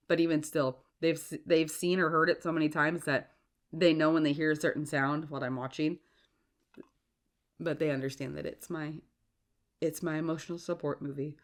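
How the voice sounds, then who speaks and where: A woman hosting a casual solo podcast while sick with a cough and sore throat, chatty and stumbling over her words. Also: deep voice. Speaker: podcast host.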